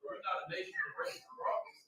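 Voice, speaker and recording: A man's voice: fast, bright, forceful tone, in a whisper. A man from the congregation asking earnest questions and reading scripture aloud, recorded from far off. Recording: echoey room mic, far off, faint noise.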